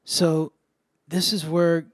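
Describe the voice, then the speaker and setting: A man's voice: fairly high pitch, flat delivery, takes it slowly, dry recording, studio quality. A man co-hosting a podcast, telling a story in a casual chat full of "like" fillers. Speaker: podcast co-host, astrologer.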